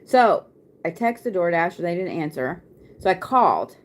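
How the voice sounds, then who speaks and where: A woman's voice: fairly low pitch, sing-song, measured pace, slight background noise. A woman, chatting casually on a live stream as a card reader, laughing often and swearing freely.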